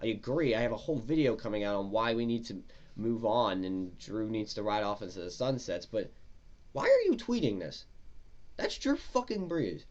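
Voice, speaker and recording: A man's voice: on the low side, sing-song, normal speed, darkish tone, lo-fi sound. A man giving a casual, profane, exasperated rant as a football fan. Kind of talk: casual ranting commentary.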